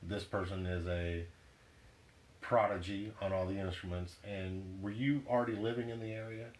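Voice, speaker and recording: A man's voice: sits low, fairly even intonation, moderate pace, echoey room. A man interviewing a guest, thinking aloud and restarting his questions as he goes.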